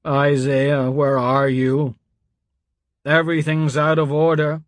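A man voicing a grief-stricken old male priest who sniffles, mutters and then booms out scripture like a Sunday sermon. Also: completely flat delivery, slow, dry recording. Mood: broken, weary. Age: older. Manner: sniffling, broken, swings to booming preaching.

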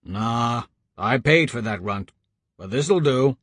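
A man voicing a rough, menacing male market trader in a storybook, gruff and dismissive with a husky voice. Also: medium pitch, lively intonation, slow pace, fairly bright tone, no echo, exaggerated voice.

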